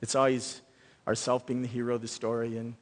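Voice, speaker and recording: A man's voice: medium pitch, brisk. A man preaching a Sunday sermon as pastor, talking in a loose, conversational way with many restarts. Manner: conversational, animated, thinks out loud with restarts. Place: church sanctuary. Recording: long reverb of a large hall.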